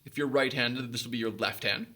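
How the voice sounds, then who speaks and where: A man teaching children the basics of the recorder, giving clear step-by-step instructions and frequent encouraging praise. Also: medium pitch, brisk, pushed and bright. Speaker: music teacher.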